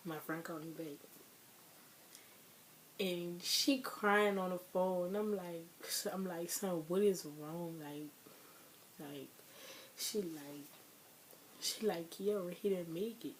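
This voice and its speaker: Young woman, vlogger, casual storytime, rambling, lots of filler words, slightly low voice, faint background hum. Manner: loose rambling retelling, heavy on fillers and addressing viewers.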